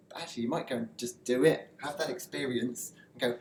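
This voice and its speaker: A man delivers a personal development lesson in a relaxed, conversational way, often restarting his sentences. His voice sits at an ordinary middle pitch. The recording has a noticeable room echo and a faint hum of ambience underneath. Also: quick pace, hardly any pauses. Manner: loose and conversational, frequent fillers and restarts. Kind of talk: motivational talk to camera.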